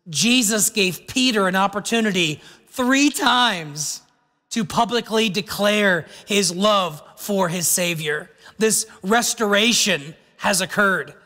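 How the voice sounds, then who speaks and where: A man preaching a sermon as pastor, earnest and slowing down to stress key words. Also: sits high, pushed and bright. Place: church sanctuary. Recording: long reverb of a church hall.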